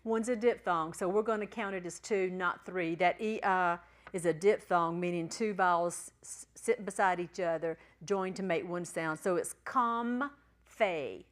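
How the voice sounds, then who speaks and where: A woman teaching a church class, patiently spelling out letters and sounding out syllables slowly. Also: lowish voice, fairly even intonation. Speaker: Bible Greek teacher.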